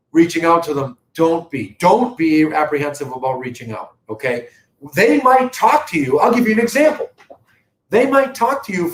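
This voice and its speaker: A middle-aged man with a Boston accent and a high voice hosts a live real estate market update on video, addressing viewers in an earnest, emphatic sales style. The low-quality recording has an echoey room sound.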